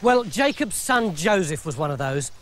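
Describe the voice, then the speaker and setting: A man's voice: high voice, big pitch swings, normal speed, a little hiss or hum. A man telling a comic story in a playful, chatty way. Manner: playful and conversational. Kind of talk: comic scripted narration. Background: music.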